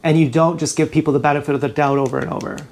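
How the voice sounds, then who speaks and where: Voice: mid-range voice, fairly even intonation, rapid-fire, vocal fry, a little mellow. A YouTuber venting in an emotional vlog, agitated, profane and rambling, fired up and upset, talking into a GoPro camera while streaming live indoors.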